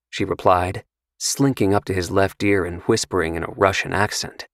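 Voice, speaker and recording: Low-voiced male audiobook narrator. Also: steady tone, normal speed, dry recording, studio quality.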